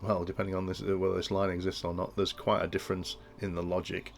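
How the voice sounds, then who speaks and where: Male tutor, deep gravelly voice, restarts sentences as he thinks aloud, faint background noise. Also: level tone, quick pace. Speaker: instructor explaining industrial control. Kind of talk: technical tutorial walkthrough.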